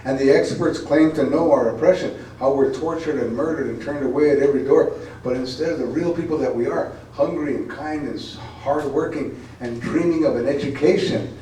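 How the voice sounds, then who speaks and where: His medium-pitched voice has a dark tone and a moderate pace as this poet loosely chats, repeating words, at a college event before delivering an intense, dramatic reading of his poem. The audio carries a little hiss or hum, and he sounds distant in an echoey room.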